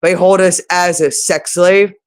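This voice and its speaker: Man, somewhat high-pitched voice, agitated rambling monologue, accusatory, repeats phrases over and over. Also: fairly even intonation, measured pace, clear, resonant tone.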